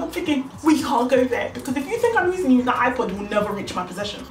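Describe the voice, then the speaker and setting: A woman's voice: sits high, big pitch swings, fast, hardly any pauses, slight background noise. A young woman telling a story in a casual, slangy way, acting out both sides of it. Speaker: vlogger. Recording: echoey room, mic at a distance, faint music.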